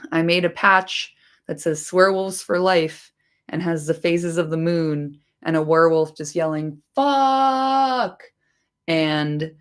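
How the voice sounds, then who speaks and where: A woman reading a fantasy book aloud on a livestream, expressive, with casual and profane chatty asides. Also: low-pitched.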